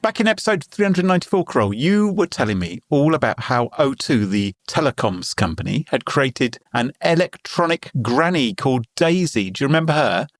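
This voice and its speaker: A British man hosts a podcast in a playful, chatty way, his pitch rising and falling a lot as he tells stories. The sound is close and dry, with no room. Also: a little fast, few pauses, no echo. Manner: playful, animated storyteller. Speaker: podcast host. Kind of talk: casual podcast chat.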